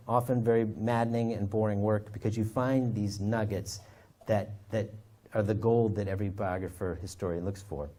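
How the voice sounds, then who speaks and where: A man, an author and historian, telling stories from his research in a lively anecdotal way. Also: on the low side. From United States. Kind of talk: storytelling talk.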